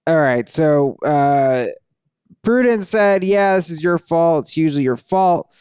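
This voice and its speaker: A man's voice: fairly high pitch, expressive, a little slow, a little mellow, smooth, no room sound, studio quality. A male podcast co-host in casual chat, telling rambling stories and reading listener posts aloud. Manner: rambling, storytelling with acted-out quotes.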